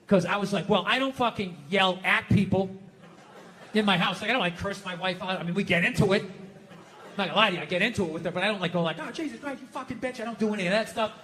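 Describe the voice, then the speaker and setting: A man's voice: sits high, fairly bright tone. A middle-aged man with a Boston accent doing a profane, self-mocking stand-up rant, acting out the voices of the people in his story. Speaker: stand-up comedian. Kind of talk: stand-up comedy routine.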